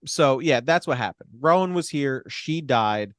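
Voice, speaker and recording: On a podcast, a male co-host casually recaps a film's plot, acting out the characters' lines with plenty of swearing and frequent laughter. His voice is a little high and smooth, at normal speed with hardly any pauses. The studio sound is clean, with no echo.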